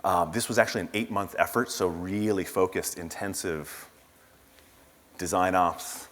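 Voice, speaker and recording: A man's voice: low voice, fairly even intonation, a little slow, a bit bright. Man giving a casual keynote in a hall. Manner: casual storytelling with asides and fillers. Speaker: conference speaker. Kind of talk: conference keynote talk. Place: large conference hall. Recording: reverberant conference hall.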